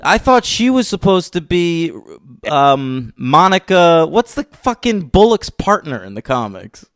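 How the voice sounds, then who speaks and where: Excitable man with a clear, dry voice. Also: a little high, unhurried, no echo. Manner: excitable, swears, teases his co-host. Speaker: podcast co-host. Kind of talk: casual film review chat.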